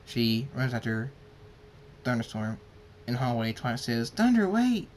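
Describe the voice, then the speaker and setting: A man reading a fan story aloud, halting and restarting words. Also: mid-range voice, little pitch movement, a little hiss or hum. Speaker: fan fiction reader.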